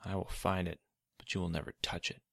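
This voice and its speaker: A man's voice: lowish voice, animated, a little fast, fairly bright tone, dry recording, studio quality. A man voicing a frightened, distrustful boy in a storybook reading, with an anxious, pleading way of talking. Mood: wary. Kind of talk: storybook narration.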